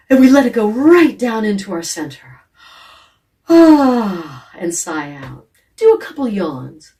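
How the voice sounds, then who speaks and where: Female voice coach, gentle guided warm-up, mellow tone, mic at a distance. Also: a little high. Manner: calm, gentle, demonstrates sighs, yawns and hums. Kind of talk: guided vocal warm-up instruction.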